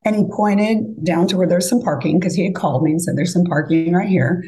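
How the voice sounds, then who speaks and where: A woman's voice: fairly low pitch, brisk, poor audio. A woman casually telling a dating story as a podcast guest, acting out the lines of others. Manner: animated, acts out quoted lines.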